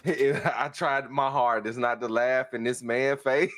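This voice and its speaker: Excitable laughing man, bright voice. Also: medium pitch, takes it slowly. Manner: excitable, laughs loudly, addresses listeners as y'all. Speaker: podcast co-host. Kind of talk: casual podcast chat.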